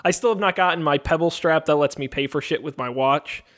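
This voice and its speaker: A man's voice: on the high side, brisk, fairly bright tone. A man hosting a tech podcast, joking with his co-hosts and running through the show plugs in a chatty way. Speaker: podcast host. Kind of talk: casual podcast chat.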